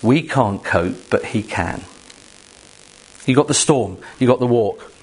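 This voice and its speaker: A man preaching a sermon to a congregation, emphatic and animated, with rhetorical questions and asides to the room. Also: mid-range voice, slow pace, husky. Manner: jokes directly with the congregation.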